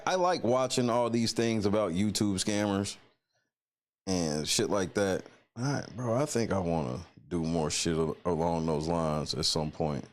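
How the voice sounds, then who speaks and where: Animated, profane male live-stream host. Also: fairly low pitch. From Indiana. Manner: greets chatters mid-rant. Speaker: livestream host. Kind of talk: casual live-stream commentary.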